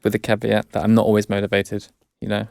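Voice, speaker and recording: A young English man with an English accent, chatting casually as a guest, hesitant and self-correcting, quick to laugh. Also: on the low side, monotone, creaky, darkish tone, dry recording, clean studio sound. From England. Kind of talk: casual chat.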